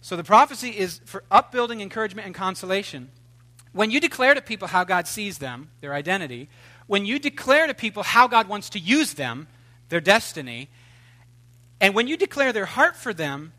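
A man preaching a sermon in an animated, joking way, swinging between loud outbursts and hushed asides. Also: high-pitched, normal speed. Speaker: pastor.

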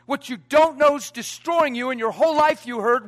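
A man preaching a sermon to a congregation, swinging from quiet asides to loud emphatic points, folksy and joking. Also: extremely high pitch, normal speed, hardly any pauses. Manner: folksy, joking, quotes everyday sayings.

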